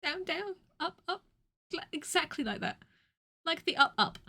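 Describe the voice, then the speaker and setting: A woman streamer chatting casually over a game, self-mocking and prone to sudden loud shouting. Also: extremely high pitch, sing-song, normal speed, creaky. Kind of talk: casual gameplay commentary. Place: home.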